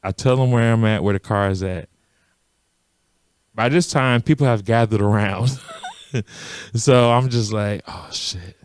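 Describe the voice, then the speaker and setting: A man's voice: lowish voice, a little slow, pauses often, clear, resonant tone, dry recording. A man co-hosting a podcast, telling a story in a casual chat, laughing often and acting out what others said. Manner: animated storyteller, laughs often, acts out quotes. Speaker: podcast co-host.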